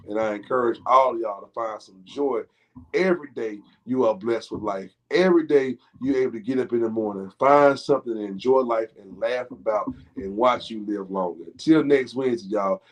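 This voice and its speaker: A man hosting a casual sports talk show, teasing and joking with slangy banter. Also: mid-range voice.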